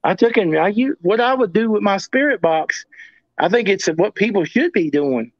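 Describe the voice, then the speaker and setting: A man's voice: sits high, expressive, normal speed, dry recording. A man as a guest, telling stories in a rambling casual way and often repeating himself. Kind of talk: casual storytelling. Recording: dull lo-fi audio.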